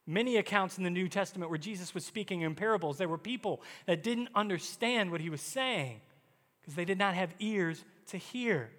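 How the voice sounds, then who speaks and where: A man's voice: high voice, normal speed, a bit bright. A man preaching a sermon as pastor, emphatic and acting out quoted prayers in his delivery. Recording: long hall reverb.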